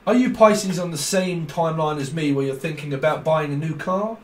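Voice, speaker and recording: A man's voice: fairly high pitch, a little fast, roomy sound. A man giving a casual tarot reading, playful and rambling, breaking into laughs often. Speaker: tarot reader.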